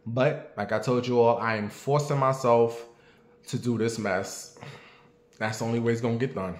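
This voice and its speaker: A man in his late thirties, speaking at an ordinary middle pitch, hosts a casual commentary show from home. He talks bluntly, swears freely and keeps asking his audience for their opinion. His voice echoes around the room. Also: fairly even intonation, moderate pace. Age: late 30s. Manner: blunt, profane and talkative, asking the audience questions. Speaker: show host.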